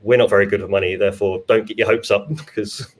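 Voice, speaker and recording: A man's voice: fairly low pitch, steady tone, fast talker. A man, a finance expert and father, chatting in an easygoing way about money. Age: adult with children. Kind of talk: casual video chat.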